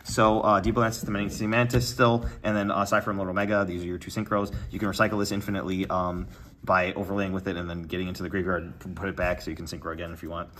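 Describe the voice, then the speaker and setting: A young man giving a casual deck breakdown, talking quickly with lots of fillers and going a little out of breath. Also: sits low, little pitch movement, slight background noise. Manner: quick, filler-heavy, trails off quietly. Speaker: deck profile presenter. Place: card tournament venue.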